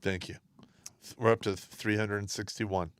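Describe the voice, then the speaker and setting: Low-voiced blunt man, dry. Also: steady tone, normal speed, no room sound. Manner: blunt, matter-of-fact opinions. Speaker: livestream co-host. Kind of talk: casual livestream chat.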